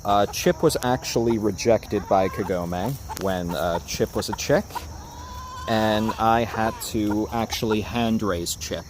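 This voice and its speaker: A man from Japan chatting casually on a livestream about his chickens, recorded outdoors on a phone camera in a backyard, coaxing his birds in a soft sing-song. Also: fairly low pitch, takes it slowly. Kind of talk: casual live-stream chat. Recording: outdoor phone recording with steady background noise. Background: chickens clucking, insects chirping.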